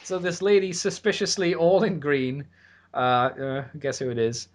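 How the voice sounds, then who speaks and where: A man's voice: fairly high pitch, level tone, a little slow. Laid-back man rambling through a recap. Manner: rambling, laughing, swearing, with put-on voices for quotes. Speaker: podcast host recapping an episode. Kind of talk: casual podcast chat.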